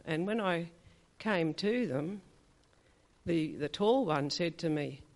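Slow-paced and animated, with a voice on the low side, an older woman recounts a recent experience to her church as a testimony. The story meanders chattily through little asides, and she performs the voices of the people she encountered.

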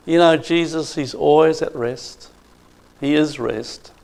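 Slow, gravelly male preacher. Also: a little high, a little mellow. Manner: emphatic, asks the congregation questions. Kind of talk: sermon.

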